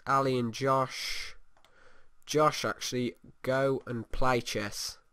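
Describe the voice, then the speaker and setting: A man's voice: mid-range voice, level tone, takes it slowly, pushed and bright, clear, resonant tone, dry recording, studio quality. A man giving casual let's play commentary, rambling and humming to himself as he plays. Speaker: gamer.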